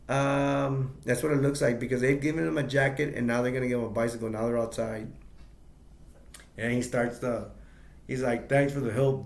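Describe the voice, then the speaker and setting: Chuckling often and saying "like" a lot, a man rambles haltingly through a film's plot as a casual amateur reviewer. His voice is medium-pitched and gravelly, in an echoey room.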